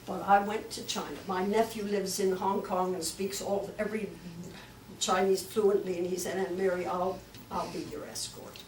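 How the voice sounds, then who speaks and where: An older woman giving a lively storytelling talk to a club, acting out the voices she quotes. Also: mid-range voice, normal speed, slight background noise. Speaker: guest speaker. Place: club meeting room. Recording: echoey room, mic from far off.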